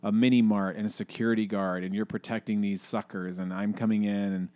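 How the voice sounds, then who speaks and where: A man co-hosting a casual talk show, rambling and animated, full of fillers and restarts. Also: on the low side, fairly quick, no room sound. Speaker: podcast co-host. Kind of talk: casual conversation, reading aloud from a book.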